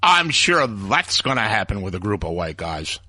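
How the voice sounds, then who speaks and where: A man's voice: fairly low pitch, big pitch swings, normal speed, sharp tone, dry recording, studio quality. A man hosting a talk radio show, delivering a heated, opinionated rant. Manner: ranting, heated, acts out quoted voices.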